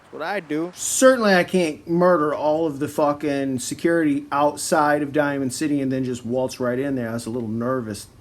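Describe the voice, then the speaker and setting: A man's voice: on the high side, fairly even intonation, fairly quick. A man from Michigan giving a profane, sarcastic rant while commenting on his gameplay. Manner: swearing, ranting, sarcastic. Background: game music.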